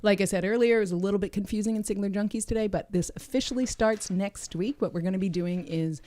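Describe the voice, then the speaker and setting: Chatty woman co-host, mellow voice. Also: mid-range voice, quick pace, no echo. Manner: chatty, storytelling, animated. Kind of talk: casual podcast chat.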